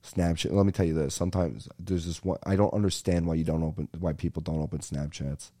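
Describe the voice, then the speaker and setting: Young dude ranting on his podcast, kinda low mellow voice, says dude constantly. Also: brisk. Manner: animated, swearing, says "dude" a lot. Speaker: podcast host. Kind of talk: casual comedic rant.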